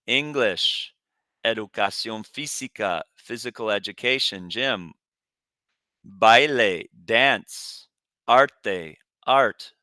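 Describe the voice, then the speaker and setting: A man teaching a recorded Spanish lesson, saying each word in English and Spanish and pausing for students to repeat. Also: on the low side, pushed and bright, no echo. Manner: pronounces words for students to repeat.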